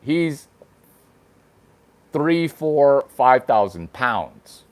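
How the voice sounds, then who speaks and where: Slow-talking playful joking vlogger man. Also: mid-range voice, sing-song. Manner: playful, crude jokes, exaggerated baby talk. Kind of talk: casual vlog chatter.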